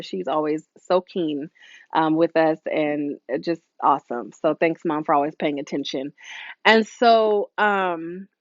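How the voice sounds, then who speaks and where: A woman's voice: medium pitch, no room sound, lo-fi sound. A woman hosting a live motivational talk as a hair stylist, speaking casually and preachily and acting out voices she quotes. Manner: casual, with many fillers and asides.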